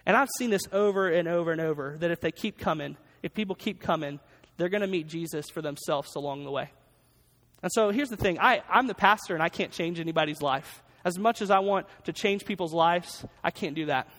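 A man preaching a sermon as pastor in a church, energetic and emphatic, often repeating his key phrases. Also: fairly high pitch, brisk. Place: church sanctuary. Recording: long reverb of a large hall.

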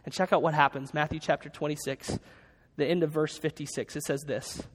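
A pastor preaching a sermon in a church, earnest and halting, with frequent restarts. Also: male voice, on the high side, steady tone, in a large hall.

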